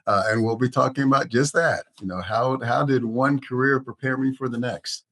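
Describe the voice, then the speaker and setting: A middle-aged man and college president, a podcast guest telling stories about his career in a measured way with frequent fillers. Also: medium pitch, fairly even intonation, a bit bright, no echo. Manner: measured, storytelling, frequent "you know". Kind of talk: podcast interview.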